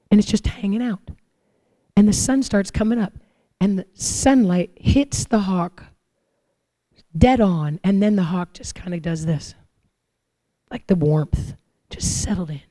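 A woman giving a sermon, telling lively personal stories and acting out her own prayers and the answers she hears. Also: medium pitch, a little slow, pauses often, no echo. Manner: animated storytelling, acts out her own prayers and God's replies. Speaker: preacher.

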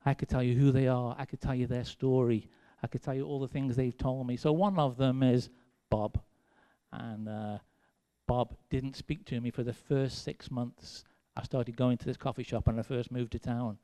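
English preacher with a smooth voice. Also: male voice, mid-range voice, steady tone, normal speed, mellow. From England. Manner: conversational and self-deprecating, with dry sarcasm. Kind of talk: sermon with personal stories.

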